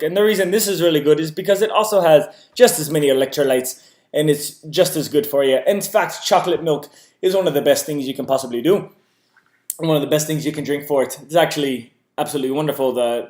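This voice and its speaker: A man's voice: a little high, darkish tone, echoey room. A man hosting a casual educational vlog in a put-on Irish accent, playfully explaining step by step. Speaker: host.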